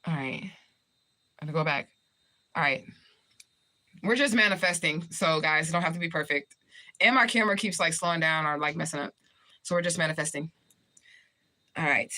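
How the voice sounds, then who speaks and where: A woman's voice: low-pitched, fairly quick, pauses often, sharp tone. A woman chatting casually on her livestream, reading viewer comments aloud and answering them in a blunt, profane way. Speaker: livestream host.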